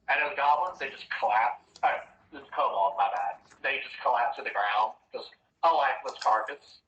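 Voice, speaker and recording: A man's voice: medium pitch, a little fast, fairly bright tone, a little hiss or hum. A man narrating as dungeon master, rambling and correcting himself as he goes. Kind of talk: narrating a tabletop game. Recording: roomy, dull, distant mic.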